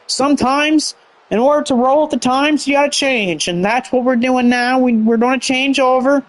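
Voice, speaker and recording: A man's voice: very high-pitched, normal speed. A man doing rambling play-by-play commentary on a wrestling show, heavy on fillers.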